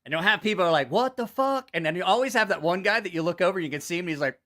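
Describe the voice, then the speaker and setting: Hosting his own channel in a casual livestream style, a man tells crude jokes, swears freely and laughs at his own punchlines in an animated way. His voice is high-pitched and racing.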